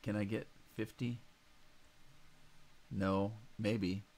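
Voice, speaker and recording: A man's voice: on the low side, flat delivery, drawn-out words, darkish tone. A man casually chatting with his live chat while playing a game, rambling and answering questions as he goes. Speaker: gaming streamer. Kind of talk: casual live-stream commentary. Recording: noisy game audio behind.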